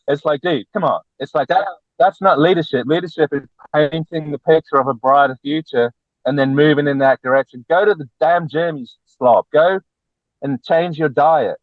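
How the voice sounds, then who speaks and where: A man speaking as a relationship coach guest on a podcast, lecturing bluntly and forcefully, with lots of repetition. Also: fairly high pitch, normal speed, dry recording. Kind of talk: podcast interview. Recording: tinny phone-like dry line.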